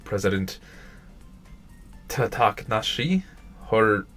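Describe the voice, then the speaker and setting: A man reading aloud in close to his own low voice as a strict, serious schoolgirl treasurer who runs a meeting. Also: lively intonation, slow, a bit bright, faint music behind. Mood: stern. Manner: firm, exasperated, businesslike.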